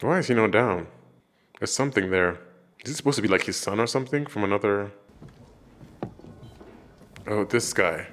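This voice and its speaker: Joking man reacting, low voice. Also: moderate pace, long pauses, a little hiss or hum. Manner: animated, jokey, laughs often and acts out characters in funny voices. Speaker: reaction video host. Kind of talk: casual reaction commentary.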